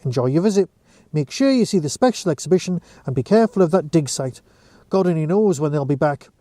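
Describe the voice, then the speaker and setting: A woman's voice: deep voice, expressive, a little fast, dark tone, dry recording. A man voicing a friendly, chatty tea shop woman with a Northeast English accent who talks to customers in a familiar way. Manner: friendly and familiar, calls people pet.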